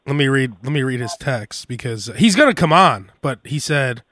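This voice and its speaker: A man hosting a podcast, talking in casual banter as an animated storyteller who laughs often. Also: mid-range voice, normal speed, no room sound. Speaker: podcast host.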